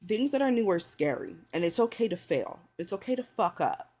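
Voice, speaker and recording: Blunt, foul-mouthed woman of thirty. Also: fairly quick. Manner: blunt, heavy swearing, conversational filler "like" and "you know"; swings into high excited pitch when riled up. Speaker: vlogger. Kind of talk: casual chat, advice to viewers.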